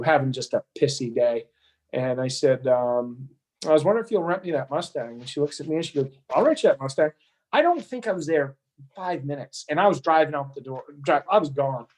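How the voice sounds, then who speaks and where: A man's voice: medium pitch, darkish tone. A man being interviewed, telling a story casually with frequent restarts and repeated words. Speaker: interview guest.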